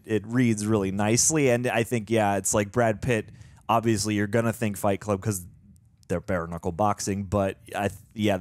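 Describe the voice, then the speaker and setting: A man's voice: fairly low pitch, dry recording. A young man co-hosting a movie reaction, chatting casually, reading trivia aloud with many fillers and restarts.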